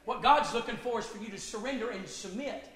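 A man, a pastor preaching an emphatic sermon with folksy asides and bursts of shouting. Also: sits high, a little fast. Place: church sanctuary. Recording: echoey hall.

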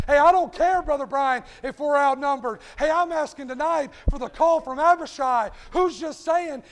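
A fervent preacher with a strikingly high voice, pleading with his congregation and peppering each line with "hey." His voice rings out with a long echo, as if through a big church. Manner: impassioned, repeats "hey" constantly. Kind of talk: sermon. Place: church sanctuary. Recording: long hall reverb.

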